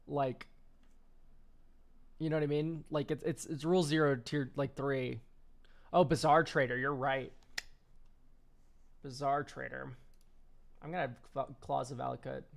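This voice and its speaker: Gravelly-voiced streamer guy, rambling. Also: medium pitch, steady tone, a little slow, long pauses. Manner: rambling and offhand, swears and laughs easily. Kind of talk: casual card-game deck review.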